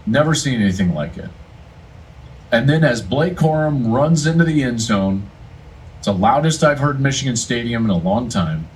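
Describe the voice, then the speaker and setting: A man's voice: lowish voice, far from the mic, slight background noise, rough recording. A man giving a football analyst's emphatic, storytelling breakdown of a game moment. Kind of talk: casual commentary breakdown.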